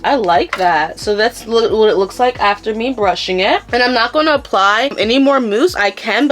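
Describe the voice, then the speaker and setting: A young woman with a Philadelphia accent giving a casual step-by-step hair tutorial, chatting to viewers as y'all. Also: fairly high pitch. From Philadelphia, USA.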